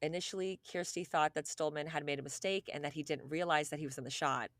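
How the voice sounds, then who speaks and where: Animated, profane woman podcast host. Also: low voice, quick pace, dry recording, studio quality. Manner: animated, profane, lots of "like", acts out quoted people. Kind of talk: casual chat, storytelling a true case.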